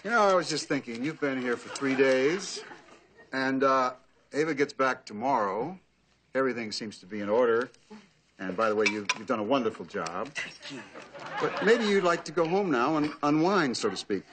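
A man's voice: medium pitch, animated, normal speed, very noisy, natural voice. An actor playing a patient but exasperated family man trying to politely get a guest to leave. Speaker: father. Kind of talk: sitcom acting.

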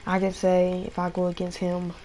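A man giving live gameplay commentary, excitable, trash-talking in slang and repeating phrases. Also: high voice, moderate pace, slight background noise. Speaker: gamer.

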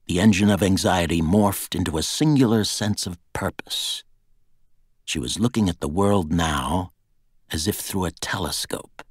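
A man narrating a thriller audiobook in a measured, dramatic reading on a close studio mic. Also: deep voice, husky, no echo. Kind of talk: scripted narration.

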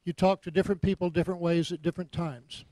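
A man's voice: high voice, steady tone, quick pace, mellow, dry recording. A man with a Texas accent preaching a folksy sermon as a visiting minister, mixing jokes into an offering appeal. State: hot and sweating.

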